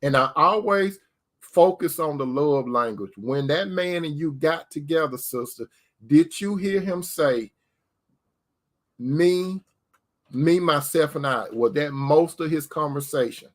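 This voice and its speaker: A man's voice: fairly high pitch, lively intonation, measured pace. Man preaching relationship advice, repeating points. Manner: addresses listeners as sister, repeats key phrases; rhetorical questions in a preaching cadence. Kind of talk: preacher-style relationship talk.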